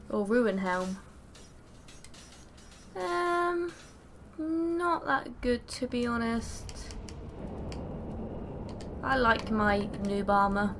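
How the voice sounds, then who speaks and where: Brief: young woman, gaming host, high bright voice, unhurried talk, sweary outbursts. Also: background noise. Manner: swears freely, loud exclamations while playing. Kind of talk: let's play commentary.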